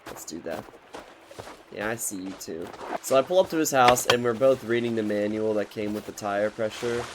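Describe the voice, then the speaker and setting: A man's voice: on the low side, normal speed, background noise. A man in his twenties telling a rambling, profane storytime in a casual, joking way. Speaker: vlogger.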